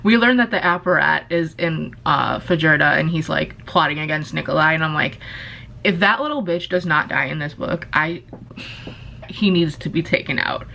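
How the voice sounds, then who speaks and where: A woman in her twenties, a book vlogger, chatting casually into her camera in an excitable, gushing way, swearing now and then. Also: low-pitched, moderate pace, gravelly. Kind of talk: casual vlog chat.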